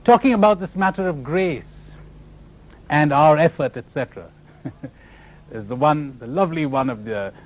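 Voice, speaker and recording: Animated spiritual teacher telling stories. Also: male voice, fairly high pitch, moderate pace, long pauses, low-quality recording. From India. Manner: animated storyteller, laughs at own jokes. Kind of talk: spiritual lecture with storytelling.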